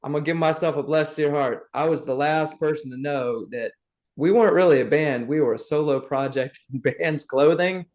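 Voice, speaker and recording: A middle-aged man from the South, guesting on a podcast and telling his stories in a lively, animated way. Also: on the high side, moderate pace. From Southern United States. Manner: lively anecdotes, acts out the people he quotes. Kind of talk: animated storytelling.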